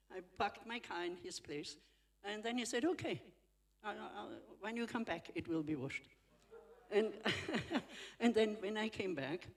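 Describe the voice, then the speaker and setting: A woman's voice: fairly low pitch, breathy edge. A woman from the congregation sharing a personal testimony at a church service. She speaks in a chatty, storytelling way, laughs often and acts out the dialogue. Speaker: congregation member giving testimony.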